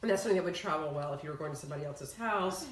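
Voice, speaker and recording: A woman co-host tells stories and gives organizing tips in a lively way, laughing often. Her pitch swings widely as she talks. She is heard from a distance in an echoey room with faint hiss. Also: racing. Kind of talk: casual chat with organizing tips.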